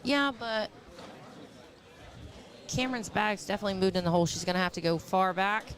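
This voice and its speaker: Chatty giggly woman commentator. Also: mid-range voice. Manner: chatty, giggly, quick to ramble. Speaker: cornhole commentator. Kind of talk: casual livestream commentary.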